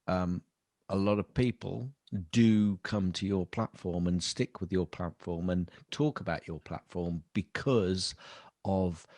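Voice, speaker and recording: A man's voice: deep voice, darkish tone, dry recording, clean studio sound. A man co-hosting a tech podcast, chatting casually with lots of ums and jokey asides. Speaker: podcast co-host. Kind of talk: casual chat.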